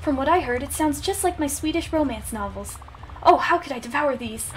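A woman's voice: sits high, expressive, brisk, a little hiss or hum. A woman reading as a sweet grandmotherly spirit. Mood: gentle. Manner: soft, coaxing and warm. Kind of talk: reading game dialogue aloud.

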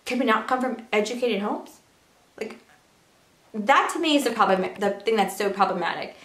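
A woman's voice: on the high side, expressive, normal speed, fairly bright tone. A young woman vlogging to camera in a casual, earnest way, full of rhetorical questions. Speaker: beauty and lifestyle vlogger. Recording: echoey room.

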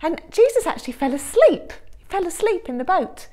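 A woman presenting a children's assembly and telling a story in an expressive way, dropping to hushed whispers and then rising to excited, louder bursts. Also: very high-pitched, a little fast.

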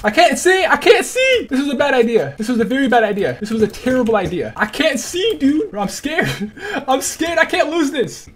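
A man's voice: very high-pitched, normal speed, soft background music. A young man giving live, panicky commentary on his own gameplay, yelping and repeating himself. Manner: excitable, panicky, yelps and shouts; repeats phrases, slangy "bro" and "dude". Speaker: gaming streamer.

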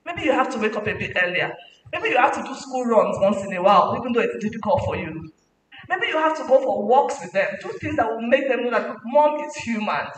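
A woman's voice: fairly high pitch, brisk. Woman giving a preachy parenting talk, distant mic, roomy echo. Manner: animated, preachy, mixing in laughs. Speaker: guest speaker at a parenting summit. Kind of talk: motivational talk. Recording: echoey hall from far off, faint noise.

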